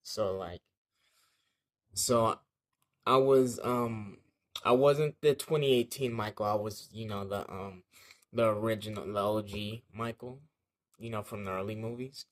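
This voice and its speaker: A man's voice: lowish voice, unhurried, long pauses. A young man telling a childhood story in a casual vlog, rambling and slangy, with lots of fillers and swearing.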